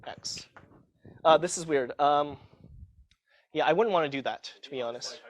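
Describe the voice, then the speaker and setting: A man with a somewhat high voice teaches a live university class in a lecture hall at a normal speed. Casual and quick to mock himself, he often checks in with the students, ending sentences with "okay?".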